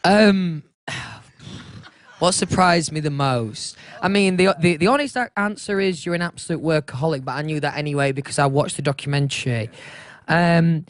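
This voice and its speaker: Easygoing British man, fairly high voice. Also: moderate pace, no room sound. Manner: easygoing, hesitant, with many restarts. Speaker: guest. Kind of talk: casual interview chat. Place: radio studio.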